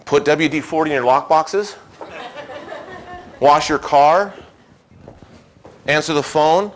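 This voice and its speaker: Loud guy teaching a sales seminar, fairly high voice, keeps quizzing the crowd. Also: a little hiss or hum. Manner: brash, rapid-fire, shouts for emphasis, asks the room questions. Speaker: real estate seminar trainer. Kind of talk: live seminar talk to an audience.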